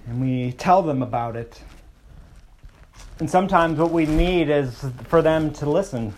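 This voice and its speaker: Man preaching a sermon, slightly high voice. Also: a little hiss or hum. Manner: expressive preaching, slows and softens for emphasis. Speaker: pastor.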